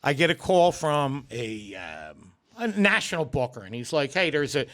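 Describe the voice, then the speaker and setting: A man's voice: medium pitch, normal speed. A man, a guest comedian, telling stories on a podcast, swearing and acting out the voices of people in them. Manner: animated, acts out voices, swears freely. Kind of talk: storytelling on a podcast.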